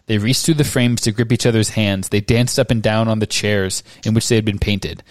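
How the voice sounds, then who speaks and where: Man, podcast co-host, reading a novel aloud, steady and measured, low voice, dry close sound. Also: no echo.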